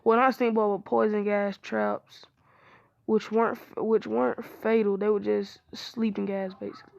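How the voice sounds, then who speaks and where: A woman's voice: mid-range voice, little pitch movement, moderate pace, creaky, dry recording, lo-fi sound. A woman improvising a fan-fiction story aloud, rambling with many fillers and restarts.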